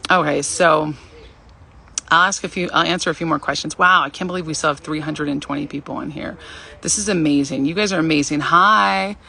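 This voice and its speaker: A woman in her thirties hosting a livestream, giving casual, animated dating advice and acting out the voices she quotes. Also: sits low, a little fast, vocal fry. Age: 30s.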